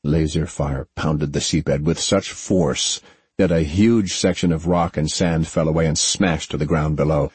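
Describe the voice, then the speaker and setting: A man reads a story in a steady, measured way. His voice sits very low and has a husky grain. The recording is dry, with no room sound. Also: no echo. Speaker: audiobook narrator. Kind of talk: scripted narration.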